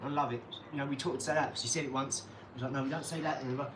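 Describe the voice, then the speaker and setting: A man's voice: medium pitch, steady tone, racing. A man, talking bluntly and rambling in a casual vlog, swearing and then apologizing. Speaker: channel host. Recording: echoey room, far from mic, clear background noise.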